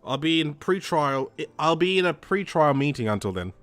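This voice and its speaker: Composed older-sister lawyer for a game, voiced by a man, gentle, measured. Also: a little high, sing-song, dry recording, faint music behind. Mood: calm. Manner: gentle, measured, softly teasing.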